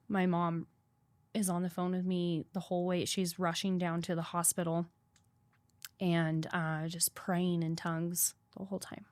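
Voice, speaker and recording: A woman's voice: on the low side, a little mellow, no echo. A woman guest on a podcast telling a hard personal story candidly, swearing freely and repeating points for emphasis.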